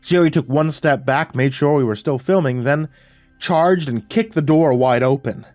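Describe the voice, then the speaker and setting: A man narrating a horror story in a wry, even storytelling manner. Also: fairly high pitch, moderate pace, no room sound, faint music behind.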